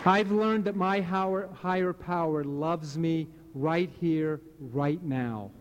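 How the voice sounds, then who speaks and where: A man's voice: fairly high pitch, slow, muffled recording, a faint crowd, slight background noise. Earnest rambling man in his late fifties. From Hawaii. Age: late 50s. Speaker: speaker sharing at a recovery meeting. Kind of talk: personal testimony to a live audience.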